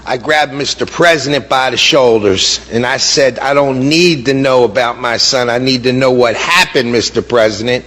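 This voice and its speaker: A man's voice: medium pitch, normal speed, hardly any pauses, fairly bright tone. A middle-aged man speaking as a bereaved father, giving impassioned testimony. He sounds indignant and repeats words for emphasis. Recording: long hall reverb.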